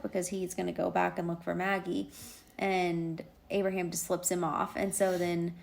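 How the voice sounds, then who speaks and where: A woman co-hosting a casual podcast, her voice lowish and gravelly with fry. She recaps at length, with many fillers along the way. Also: flat delivery, normal speed. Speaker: podcast co-host. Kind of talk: casual chat.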